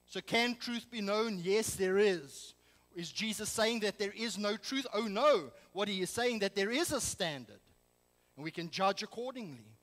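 A man's voice: high-pitched, expressive, normal speed, a bit bright, in a large hall, rough recording. A man preaching a sermon as pastor, emphatic and full of rhetorical questions. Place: church sanctuary.

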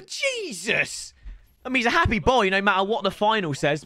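A young man calls out his own video game match live, excitable and quick to burst into shouts while teasing his opponent. His voice sits high and swings wildly up and down, with a bright, sharp edge to it. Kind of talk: live gameplay commentary.

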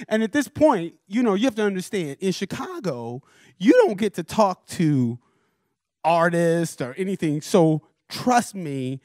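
Guy telling a lively story at a school forum, kinda high voice, acts out all the voices, dry sound. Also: moderate pace, dry recording. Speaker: guest speaker, record producer. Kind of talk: animated storytelling talk. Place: university forum, indoors.

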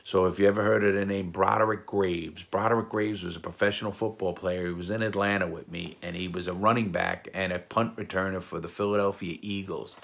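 A former jewel thief with a deep, gravelly, slightly bright male voice casually tells stories from his own time in prison. He's blunt and profane, acting out the dialogue he quotes.

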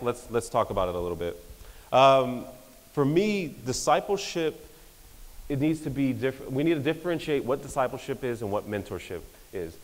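A young man, giving an energetic, joking conference talk that pokes fun at pastors. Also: medium pitch. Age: young adult. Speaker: speaker. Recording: hall reverb.

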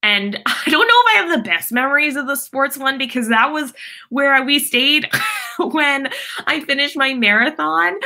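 Young woman, chatty live-stream host, bright voice, fairly high, giggly, filler-heavy, home webcam. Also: expressive, normal speed. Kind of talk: casual live-stream chat reading viewer comments.

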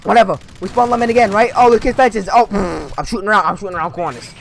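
Young man, high voice, sarcastic gameplay commentary, swearing, animated outbursts. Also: quick pace, creaky, a little hiss or hum. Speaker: gaming commentator.

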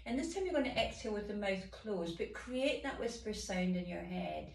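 A woman leading a yoga class with calm, gentle cues and sighing breaths, recorded in a room by a camera mic at a distance. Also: mid-range voice, normal speed. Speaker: yoga teacher. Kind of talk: guided yoga instruction. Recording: roomy, from off the mic.

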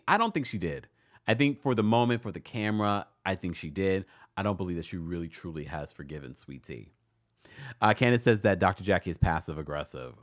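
Man, live recap host, lower-pitched voice, very lively swooping intonation, laughs a lot, chatty. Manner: animated, laughs often, chatty asides. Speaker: recap show host reading live chat. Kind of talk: casual live-stream commentary.

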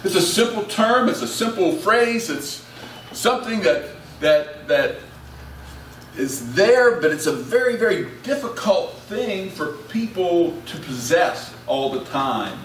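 A man's voice: high voice, sing-song, slow. A male pastor preaching a sermon and leading prayer in a folksy, conversational way with many restarts. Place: church sanctuary. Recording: echoey church, distant, faint hiss.

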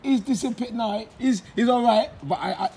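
A young man with a hoarse voice, a bin loader giving loud, exasperated running commentary on his driver, swearing and using slang. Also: very high-pitched, normal speed. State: voice going hoarse. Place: outdoors on a city street beside a bin lorry. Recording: street noise and traffic behind.

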